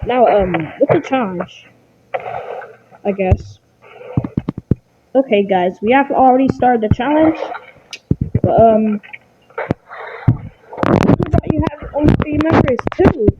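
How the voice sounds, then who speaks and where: A woman's voice: a little high, takes it slowly, pauses often. A woman hosting and narrating a homemade cartoon show, rambling with many fillers and restarts. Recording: muffled lo-fi recording, clear hiss.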